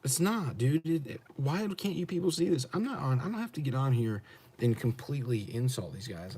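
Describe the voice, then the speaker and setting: A man with an American accent rants on a livestream, blunt, profane and combative, pressing the same questions on his chat again and again. His voice sits mid-pitch with a dark, mellow tone. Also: slightly rough. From United States. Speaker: truck driver streamer. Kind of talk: livestream rant answering chat.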